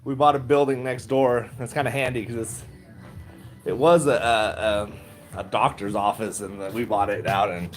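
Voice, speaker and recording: A man's voice: lowish voice, steady tone, normal speed, faint music behind, poor audio. A middle-aged man chatting casually to viewers, laid-back and rambling, laughing often. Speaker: stock vlogger. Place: around his retail shop and car.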